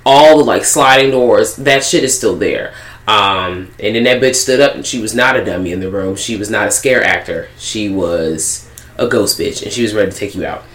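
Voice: medium pitch, normal speed, fairly bright tone. A podcast co-host giving slangy, emphatic commentary on a horror movie in casual chat. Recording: echoey room.

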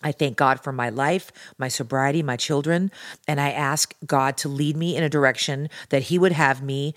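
A woman's voice: extremely low pitch, steady tone, normal speed. A woman guest on a podcast, talking in an earnest, rambling, motivational way. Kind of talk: casual podcast chat.

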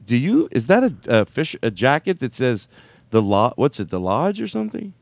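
A man hosting a podcast from a studio, rambling and joking in casual banter, often jumping high in pitch when he laughs. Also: huge pitch swings, normal speed, vocal fry, dry recording. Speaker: podcast host.

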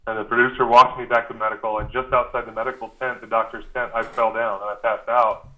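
A man's voice: medium pitch, little pitch movement, fast, bright, forceful tone, poor audio. A man as a podcast guest, telling a long anecdote in a casual, rambling way with lots of fillers and restarts. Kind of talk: casual storytelling.

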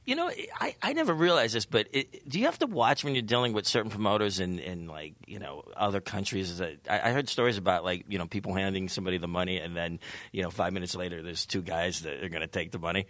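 A man's voice: sits low, lively intonation, fast, fairly bright tone, no echo. A man hosting an interview, asking enthusiastic questions with many restarts. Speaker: interview host.

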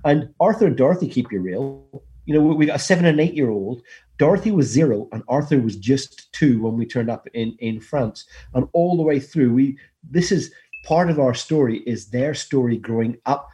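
A man's voice: mid-range voice, lively intonation, moderate pace, dark tone. Emphatic man, upbeat. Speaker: co-host of a home renovation show, guest. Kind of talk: casual video call chat.

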